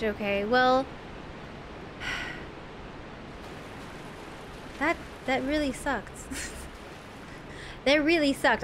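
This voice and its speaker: A woman with a high, light voice streams a video game live and chats to her viewers between moves. She shrieks and squeals whenever enemies jump out at her. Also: noisy background. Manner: talks to viewers in chat. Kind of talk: live gameplay commentary.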